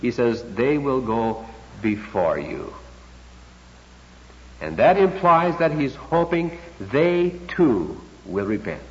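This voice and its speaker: A man preaching with a very lively, swooping delivery, leaning hard on key words and drawing them out for emphasis. His voice rings with a long reverb tail, as if in a large church, and the recording sounds dull and lo-fi. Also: mid-range voice, slow pace. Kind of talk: expository sermon.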